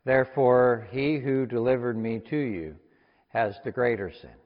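A man reading Jesus, quiet and grave. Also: medium pitch, unhurried, close to an everyday voice. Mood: solemn. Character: Jesus, calm man on trial. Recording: long reverb, dull lo-fi sound.

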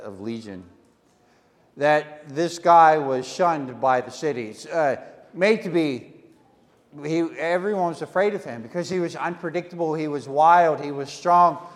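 A man preaching a sermon as pastor, telling a story and often repeating words as he starts a phrase. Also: mid-range voice. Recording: echoey hall reverb.

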